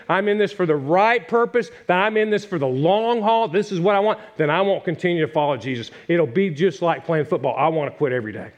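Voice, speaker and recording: Preaching middle-aged man, somewhat high voice. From Virginia. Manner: repetitive, conversational preaching with asides to the congregation. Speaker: pastor. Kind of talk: sermon.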